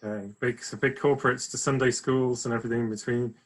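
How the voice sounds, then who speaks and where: A man's voice: mid-range voice, steady tone, quick pace, low-quality recording. A man hosting an interview, asking friendly, joking and somewhat rambling questions. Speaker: host, charity board member. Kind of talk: interview host.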